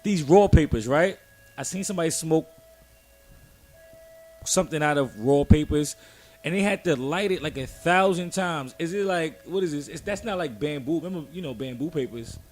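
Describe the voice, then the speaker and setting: A man hosting a laid-back podcast, his voice sitting a touch high for a man. He talks loosely and jokingly, often stumbling and restarting his sentences. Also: animated, moderate pace, soft background music. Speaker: podcast host. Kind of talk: casual chat.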